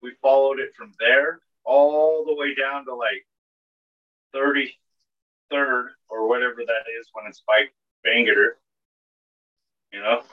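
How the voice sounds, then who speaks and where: A podcast co-host tells a rambling, casual story packed with filler words and swearing. His mid-range voice stays steady and slow, with frequent pauses, and the recording has a dull lo-fi sound.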